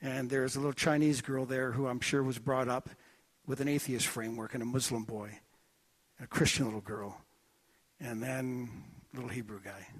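A man preaching a sermon in a church, telling stories in an animated, joking way. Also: medium pitch, normal speed. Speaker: pastor. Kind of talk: sermon with anecdotes.

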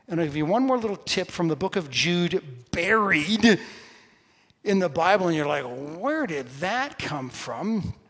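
Higher-voiced preacher in a reverberant hall. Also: male voice. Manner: building to loud emphatic bursts; conversational with the congregation. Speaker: pastor. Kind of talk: sermon.

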